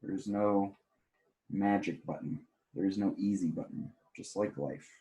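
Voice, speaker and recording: Guy teaching algebra notes, kinda tired, lowish voice, says the rules over and over. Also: measured pace, mellow. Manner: plainspoken, repeats key rules with emphasis. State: tired, yawning. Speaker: math teacher. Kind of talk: recorded classroom math lesson.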